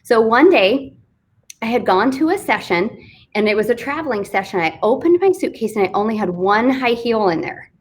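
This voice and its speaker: A woman's voice: on the high side, expressive, normal speed. Chatty, candid woman telling a story. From Fort Worth, Texas. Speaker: author and business coach guest. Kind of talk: casual storytelling interview. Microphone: live online video stream.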